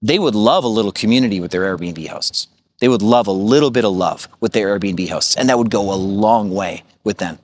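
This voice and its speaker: A man's voice: on the low side, fairly quick, no echo. A man in his thirties coaching rental hosts in a blunt, profane, storytelling way, full of fillers like "like" and "right?". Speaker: short-term rental business coach. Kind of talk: casual vlog monologue.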